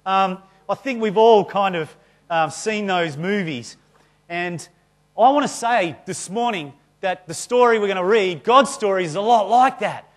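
A man preaching to a church congregation. He talks in a loose, conversational way, full of self-deprecating stories. His delivery stays lively and chatty rather than formal. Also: high-pitched, unhurried. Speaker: pastor. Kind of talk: sermon.

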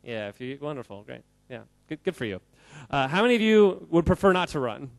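A man giving an animated, jokey talk to a live audience, quizzing the crowd and often laughing. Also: on the high side, fairly quick, gravelly, no echo. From United States. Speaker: speaker addressing a live audience. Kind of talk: lively audience-interactive talk.

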